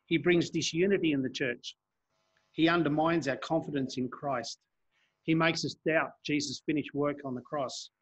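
Husky man preaching a sermon. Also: on the high side, a bit bright. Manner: earnest, reads scripture aloud and explains it. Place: church.

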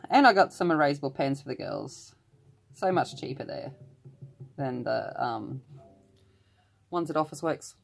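Chatty woman, low voice, rambling colour-along vlog host.

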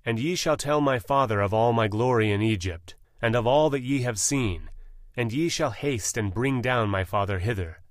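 A man reading the lines of a grown ruler who reveals himself to his brothers, in an earnest, measured delivery. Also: medium pitch, no room sound, clean studio sound, close to an everyday voice.

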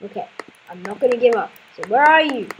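High-voiced woman gamer, exasperated. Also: lively intonation, brisk, slight background noise, rough recording. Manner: exclaims and repeats words in frustration. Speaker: let's play gamer. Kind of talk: casual gameplay commentary.

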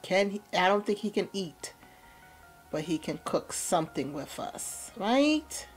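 Woman, let's play host, casual gameplay commentary, playful and chatty, animated pitch, faint music behind. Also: unhurried.

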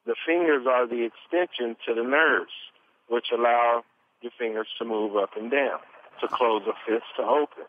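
A man giving an earnest, animated testimony as an interview guest, telling his story at length. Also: medium pitch, moderate pace, a little hiss or hum. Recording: tinny phone line.

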